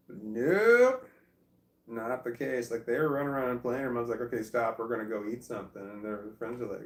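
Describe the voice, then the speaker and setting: A man's voice: medium pitch, far from the mic. A middle-aged man telling a story in casual vlog style, rambling, swearing freely and restarting his sentences often. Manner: rambling, profane, frequent restarts. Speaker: vlogger. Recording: echoey room.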